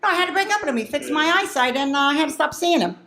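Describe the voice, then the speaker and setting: Brash high-voiced woman doing stand-up. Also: lively intonation, very fast, background noise. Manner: brash, profane, acts out family dialogue. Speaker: stand-up comedian. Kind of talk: stand-up comedy set. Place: comedy club. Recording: echoey club room.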